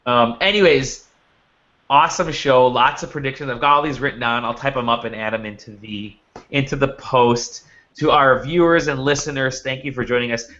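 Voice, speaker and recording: A man hosts a casual podcast with a bright, forceful voice, rambling through his stories with frequent restarts. The audio is dull and lo-fi. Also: medium pitch, moderate pace. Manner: rambling storyteller with many restarts. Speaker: podcast host.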